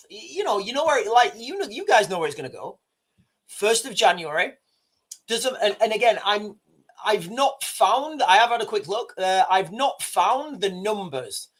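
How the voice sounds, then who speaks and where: This livestream host addresses viewers directly in rambling commentary full of restarts. He has a high voice with a fairly bright tone.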